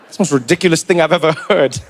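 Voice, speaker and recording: A South African man doing stand-up, his voice sitting high. He tells stories with lively energy and slips into other people's voices along the way. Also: fast talker. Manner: animated storytelling, acts out other people's voices. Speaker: stand-up comedian. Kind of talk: stand-up comedy.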